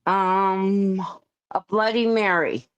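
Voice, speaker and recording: A woman's voice: medium pitch, fairly even intonation, slow, clean tone, dull audio. A woman co-hosting a casual livestream who asks guests curious questions. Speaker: co-host.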